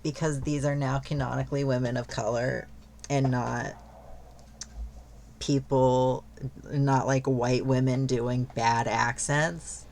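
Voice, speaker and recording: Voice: medium pitch, level tone, slow, creaky, darkish tone. A streamer chatting casually while gaming, rambling with lots of fillers and freely swearing.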